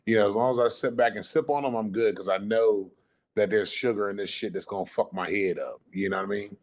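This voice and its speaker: A man's voice: lowish voice, a little fast, darkish tone. Laid-back man telling a story on a podcast. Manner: laid-back, profane storytelling that drawls at times. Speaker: podcast host. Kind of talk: casual chat.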